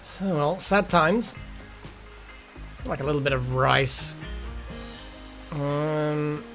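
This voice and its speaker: A man giving casual, rambling commentary while streaming a game, swearing now and then and thinking out loud. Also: on the high side, extremely slow, faint music behind.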